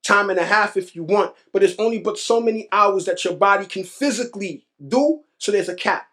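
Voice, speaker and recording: A man from New York, a real estate investor, telling his story in an animated interview, repeating phrases and acting out other people's words. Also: high voice, brisk. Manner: animated, repeats phrases, acts out quoted voices.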